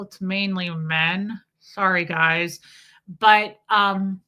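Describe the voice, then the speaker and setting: Chatting with viewers on a relaxed live stream, this woman from the US Midwest speaks in a mid-range voice with a sharp edge. Her manner is sarcastic and ranting, peppered with mocking impressions.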